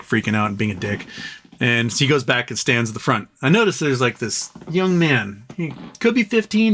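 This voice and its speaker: A man's voice: mid-range voice, fairly bright tone. Brief: foul-mouthed male host spinning long, rambling anecdotes off the cuff. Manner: rambling, profane, repeats phrases for effect. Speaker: live show host. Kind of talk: casual storytelling.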